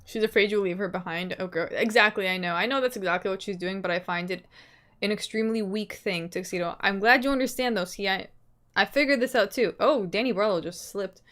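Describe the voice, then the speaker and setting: A young woman in casual livestream chat, answering her viewers' comments in a loose, chatty way. She laughs often and lets her sentences trail off softly. Her voice sits in an ordinary middle pitch for a woman. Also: fairly quick.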